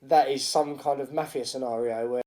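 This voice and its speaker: A man's voice: mid-range voice, steady tone, normal speed, dark tone. A British man co-hosting a comedy podcast, joking and spinning silly scenarios. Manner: jokey, spins silly scenarios. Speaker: podcast co-host. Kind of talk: casual comedy podcast chat.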